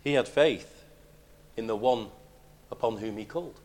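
A man preaching a sermon, emphatic, moving between loud declarations and hushed lines. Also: lowish voice, normal speed.

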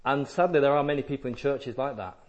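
A man's voice: medium pitch, fast, lo-fi sound. Emphatic preacher man. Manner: emphatic, repetitive, mimics listeners in lighter voice. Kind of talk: sermon.

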